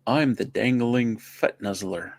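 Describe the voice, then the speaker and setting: A man's voice: medium pitch, slow, no echo. A man co-hosting a casual livestream, teasing his partner with dry jokes. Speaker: co-host. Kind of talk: casual banter.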